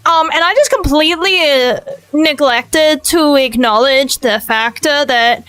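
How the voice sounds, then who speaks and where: A woman with an Australian accent chatting on a live stream, energetic, loud and rambling. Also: high voice, normal speed, low-quality recording. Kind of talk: casual live-stream chat.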